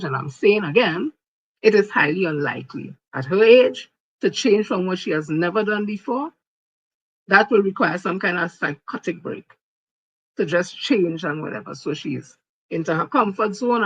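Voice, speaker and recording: A woman with a Trinidadian accent giving emphatic, repetitive political commentary on a live stream, sometimes rising to shouts. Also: fairly low pitch, husky, dry recording, highs cut off.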